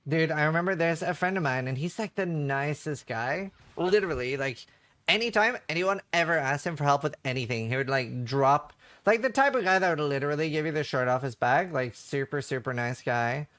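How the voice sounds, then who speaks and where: A man's voice: on the high side, lively intonation, brisk, a bit bright. A male streamer telling stories in casual livestream chat, rambling with lots of fillers. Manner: rambling storytelling, heavy on fillers.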